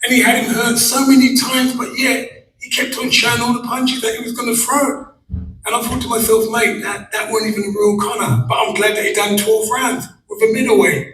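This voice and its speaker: A man's voice: very high voice, steady tone, a little fast, a bit bright, a little hiss or hum. A man, father of a fighter, telling jokey stories at a press conference and acting out what others said. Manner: jokey, storytelling, acts out quotes. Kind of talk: animated press conference talk. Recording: echoey room from far off with faint ambience.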